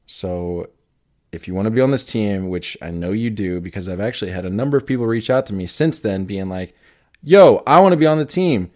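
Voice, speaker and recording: A young man with a slightly low voice talks through a casual sports podcast in a loose, joking way. He laughs easily and keeps things relaxed. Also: brisk. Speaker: podcast co-host.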